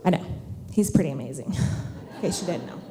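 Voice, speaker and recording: A woman's voice: low voice, expressive, fairly quick, dark tone, a faint crowd. A woman in her thirties teaching a church class, telling funny family stories in a chatty, self-deprecating way and asking her audience questions into a handheld mic. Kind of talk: casual storytelling talk to a church class. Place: large hall with an audience. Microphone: handheld microphone. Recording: long hall reverb.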